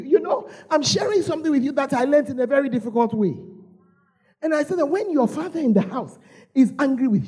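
A woman's voice: high-pitched, darkish tone. A woman with a Ghanaian English accent preaching a storytelling sermon, calling out to the congregation and repeating her phrases.

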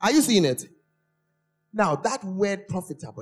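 A preacher delivers a sermon in a church, drawing out important words and turning to the congregation with questions. The pitch is mid-level but very lively, rising and falling across wide swings. Faint music sits underneath. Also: a little fast. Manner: animated, questions the congregation and stretches key words.

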